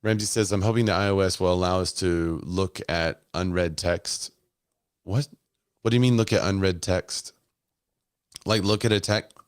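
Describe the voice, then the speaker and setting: Low-voiced man musing through live commentary. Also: moderate pace, clean tone, no room sound, clean studio sound. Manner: casual, musing, chats with viewers in comments. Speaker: host. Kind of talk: live commentary on a keynote stream.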